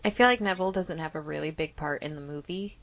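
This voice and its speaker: A woman's voice: low-pitched, quick pace, dull audio. Chatty, emphatic woman podcaster. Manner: chatty and emphatic, swears casually, laughs often. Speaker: podcast co-host. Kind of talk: casual fan podcast chat.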